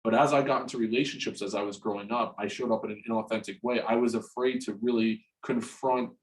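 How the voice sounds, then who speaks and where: A man in his forties from New Jersey, a guest in an interview, telling a personal story frankly and haltingly, restarting and repeating words and swearing freely. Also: lowish voice, fairly even intonation, rough recording. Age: 40s.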